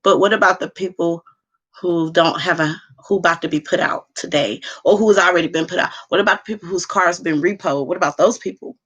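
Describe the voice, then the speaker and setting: A woman's voice: on the low side, fairly quick, fairly bright tone, slightly rough, highs cut off. A woman talking candidly and at length to her viewers from home, rambling and heartfelt. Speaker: vlogger. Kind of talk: casual monologue to viewers. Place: at home indoors.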